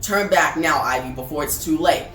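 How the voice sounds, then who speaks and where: A woman reads a stern warrior queen who guards prisoners with regret. Her delivery is subdued and low. It sounds distant, with faint music behind. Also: normal speed, fairly bright tone, roomy sound. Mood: solemn.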